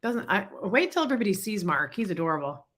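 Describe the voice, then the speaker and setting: A woman's voice: mid-range voice, sing-song, fast, a bit bright, breathy edge. A woman hosting a casual livestream, congested from illness, chatting and greeting viewers by name. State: congested, sick voice. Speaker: livestream host. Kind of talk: casual livestream chat reading comments.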